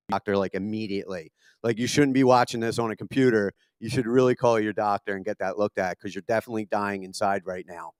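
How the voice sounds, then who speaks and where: Profane Philadelphia stand-up comic, dry sound. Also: male voice, mid-range voice, smooth, dry recording. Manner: profane, self-deprecating, punchy delivery with lots of swearing. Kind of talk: stand-up comedy set. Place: comedy venue with a live audience.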